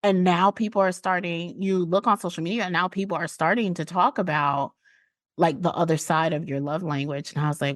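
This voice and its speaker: A woman's voice: lowish voice, steady tone, fairly quick, no room sound. A woman hosting a podcast, asking probing questions in a casual, affirming way. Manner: warm, probing questions with frequent affirming hums. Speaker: podcast host. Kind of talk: casual interview chat.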